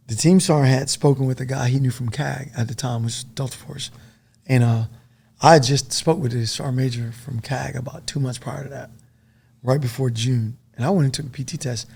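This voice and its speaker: A middle-aged man and former soldier, a podcast guest telling stories in a casual, profane, animated way. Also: mid-range voice, vocal fry, breathy edge. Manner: profane, animated storytelling full of dude and man.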